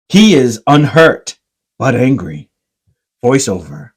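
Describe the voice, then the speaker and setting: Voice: medium pitch, sing-song, slow pace. A podcast co-host reading out absurd AI-written comedy scenes with playful, dry timing.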